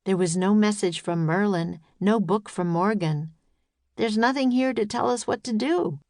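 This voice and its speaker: A woman's voice: mid-range voice, normal speed, darkish tone, no echo, studio quality, lightly acted. A woman reading a storybook voices a careful, bookish young boy, sensible and matter-of-fact. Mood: calm.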